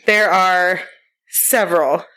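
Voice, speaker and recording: A woman in her thirties co-hosting a family podcast, telling stories in a casual, animated way and swearing freely. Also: on the low side, slow. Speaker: podcast co-host. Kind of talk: casual chat.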